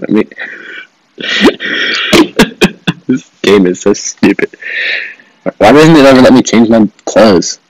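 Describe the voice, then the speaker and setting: A man's voice: on the low side, animated, very slow, pauses often, poor audio. A man hosting a gaming video, commenting with sarcastic jokes and frequent laughter while he plays a mobile game. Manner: joking, sarcastic, swears, laughs often.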